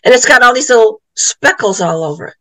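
A woman's voice: on the high side, lively intonation, fast talker, fairly bright tone, no echo, poor audio. A middle-aged woman, an author and psychic medium, telling a story in a casual interview and acting out the voices she quotes.

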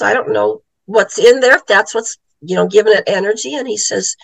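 Gravelly middle-aged woman, guest telling a wild story, does all the voices, dry close sound. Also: medium pitch, fairly quick, hardly any pauses, dry recording, poor audio. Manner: animated storyteller acting out quoted voices. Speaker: guest, author and psychic medium. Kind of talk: casual storytelling interview.

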